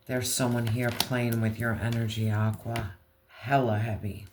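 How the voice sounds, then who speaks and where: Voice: medium pitch, little pitch movement, darkish tone. A tarot reader giving a casual reading, talking straight to the viewer in blunt slang and swearing freely. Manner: speaks slowly, talks straight to viewer.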